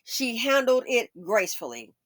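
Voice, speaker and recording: Sassy, lively woman giving commentary. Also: fairly high pitch, moderate pace, no room sound, studio quality. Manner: sassy, emphatic, mocking asides. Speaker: commentary channel host. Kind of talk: opinionated celebrity commentary.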